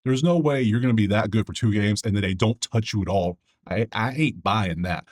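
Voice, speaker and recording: A man's voice: fairly low pitch, a little mellow. A man hosting his own sports betting video, talking loosely to himself as he clicks through stats. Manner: loose, chatty, talks to himself, quick asides. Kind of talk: casual solo commentary over a screen.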